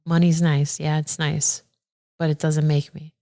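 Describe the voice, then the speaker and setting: A woman who is a circuit judge, talking earnestly and warmly as a podcast guest, getting animated when she quotes people. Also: low-pitched, unhurried. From Aurora, Illinois. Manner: earnest and heartfelt, animated when quoting others. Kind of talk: casual interview conversation.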